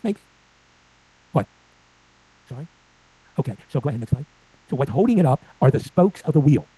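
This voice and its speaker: Lively older man lecturing to clinicians. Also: a little high, husky, no echo, poor audio. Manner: lively, asks the audience questions and acts out patients' complaints. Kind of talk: live lecture with slides. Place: lecture room.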